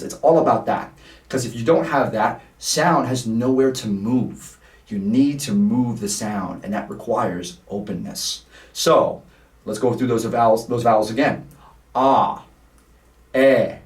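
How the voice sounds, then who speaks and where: A man gives a vocal lesson, his voice sitting in an ordinary middle pitch. He explains patiently and breaks into short sung vowels to demonstrate. The mic is some way off, so the sound is roomy and distant. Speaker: singing teacher.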